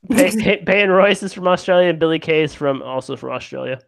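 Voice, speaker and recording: An easygoing man hosting a casual podcast chat, moving the talk along with fillers and laughs. His voice sits a little high. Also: fast talker, creaky. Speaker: podcast host.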